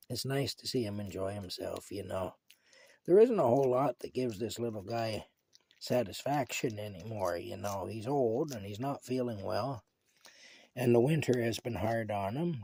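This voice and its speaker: A man's voice: mid-range voice, dark tone, breathy edge, dry recording. A man chats affectionately to his cat at home, adding wry jokes about himself, recorded on a phone. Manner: chatty and affectionate, with wry self-deprecating jokes. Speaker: vlogger. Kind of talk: casual talk to his pet. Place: at home by a table.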